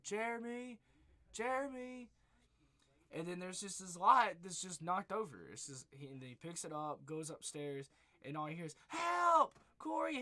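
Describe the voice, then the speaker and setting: A young man talks through a movie in a loose, rambling way, stringing thoughts together with "just" and "like" and swearing freely. His voice sits a little high and sounds bright and forward. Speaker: movie reviewer. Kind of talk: casual spoiler recap.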